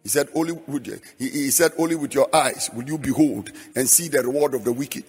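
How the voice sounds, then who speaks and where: A man's voice: medium pitch, a little fast, breathy edge. A middle-aged man preaching a sermon in a rhythmic, half-sung style. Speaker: pastor. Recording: long hall reverb, faint music behind.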